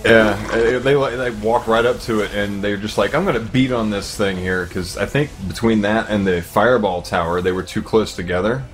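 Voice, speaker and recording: A man's voice: on the low side, fairly even intonation, moderate pace, few pauses. A man chatting casually with his team in game voice chat, laughing often and tripping over his words. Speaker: game player.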